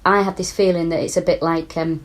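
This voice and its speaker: A woman's voice: fairly low pitch, level tone, fairly quick. A woman with a northern English accent co-hosting a comedy podcast, chatting bluntly with plenty of swearing and laughter. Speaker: podcast co-host. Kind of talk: casual comedic chat.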